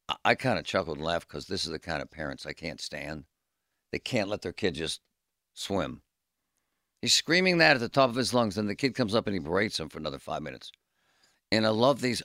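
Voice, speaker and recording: A middle-aged man co-hosting a radio talk show, telling stories in an animated, ranting way. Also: low-pitched, no room sound, clean studio sound. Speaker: radio co-host. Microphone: studio microphone.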